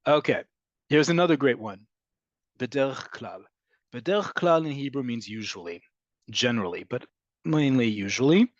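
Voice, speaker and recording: A man teaching an online language lesson, explaining patiently and repeating key words slowly for emphasis. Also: medium pitch, lively intonation, no echo, dull audio. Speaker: Hebrew teacher.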